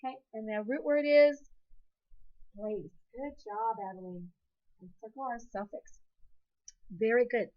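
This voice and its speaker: A woman's voice: on the high side, a little slow, long pauses, lo-fi sound. A woman from Ohio with an Ohio accent, teaching a second grade phonics lesson in a patient, encouraging, sing-song way. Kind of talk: phonics lesson, call-and-response with pupils.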